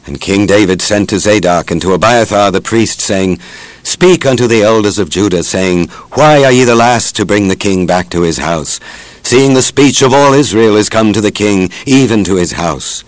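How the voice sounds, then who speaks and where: Low male narrator, reverent measured scripture reading, dry close sound. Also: lively intonation, dry recording, rough recording.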